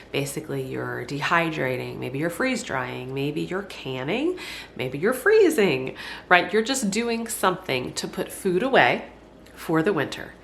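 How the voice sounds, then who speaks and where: Cooking in her home kitchen, a woman with a fairly low, slightly bright voice gives a casual cooking demonstration for her homesteading vlog. Her voice is stuffy from congestion, her manner folksy, and there's slight background noise.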